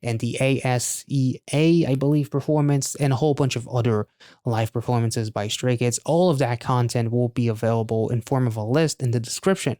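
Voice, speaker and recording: A man's voice: medium pitch, steady tone, brisk, mellow, no room sound, clean studio sound. A man hosting a music reaction video, chatting casually and exclaiming over the song. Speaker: reaction channel host.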